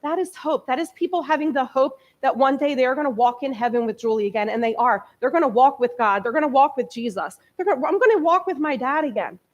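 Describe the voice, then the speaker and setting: Woman, early forties, slightly high voice, candid emotional testimony, conversational sermon in a church. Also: fast talker, few pauses, muffled recording. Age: 40s. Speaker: guest speaker. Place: church sanctuary.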